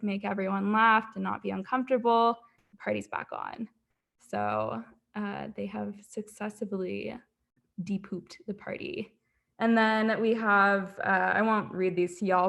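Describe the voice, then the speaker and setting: A woman's voice: medium pitch, creaky, a bit bright. A young woman presenting her portfolio on a livestream, casual and chatty with lots of filler words. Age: young adult.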